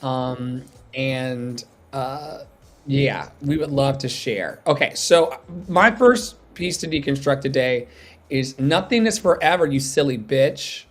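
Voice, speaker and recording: A man's voice: medium pitch, takes it slowly. A man hosting a casual livestream chat, playful and joking as he reads from his notes. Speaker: podcast host.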